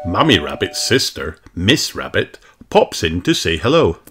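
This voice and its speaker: A man reading a children's storybook aloud in a slow, sing-song way. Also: deep voice, sing-song, background noise. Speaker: audiobook reader. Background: background music.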